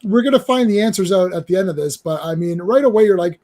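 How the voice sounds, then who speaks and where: High-voiced joking man, casual swearing. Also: fast talker, a little mellow. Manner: joking, swears casually, mocks characters in quoted lines. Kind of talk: casual comic book chat.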